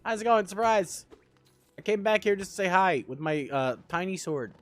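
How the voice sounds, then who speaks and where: A man's voice: high-pitched, expressive, moderate pace, a bit bright, faint music behind. A young man streaming a game live, joking about himself and chatting with his viewers. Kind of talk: live gameplay chat.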